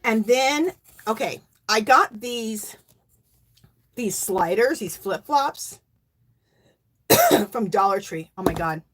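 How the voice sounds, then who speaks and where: A woman hosting a crafting channel, talking in a chatty, rambling, excitable way as she shows off her makes. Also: medium pitch, slow, pauses often, a little hiss or hum. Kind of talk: casual show-and-tell chat.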